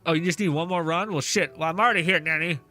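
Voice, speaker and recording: Bright, loose-talking male streamer. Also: on the high side, quick pace. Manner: swears often, reads chat aloud, laughs easily. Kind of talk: casual live-stream chat while gaming. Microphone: face mask on while talking. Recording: faint music behind the voice.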